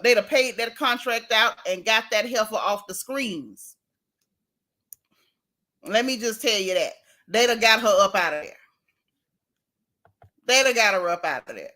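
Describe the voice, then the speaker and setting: A middle-aged woman, hosting a casual gossip livestream, animated and sassy as she reads out viewer comments. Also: mid-range voice. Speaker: livestream host.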